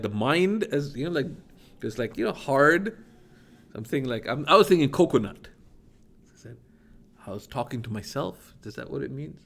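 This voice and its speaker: A man's voice: a little high, fairly bright tone. A man teaching a class from a legal text. He reads Arabic passages aloud, explains them with many fillers and restarts, and keeps checking in with "right?".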